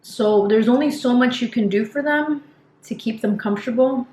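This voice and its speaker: A woman's voice: on the high side, moderate pace, darkish tone. A young woman, a nurse, talking earnestly and casually to camera in a vlog, with fillers and restarts. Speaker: nurse vlogger. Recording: echoey room, faint background noise.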